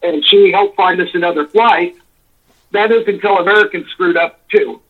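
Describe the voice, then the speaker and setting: A man's voice: high-pitched, normal speed. A man calling in by phone, telling a long, rambling complaint story, exasperated and swearing freely. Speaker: caller. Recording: tinny phone line.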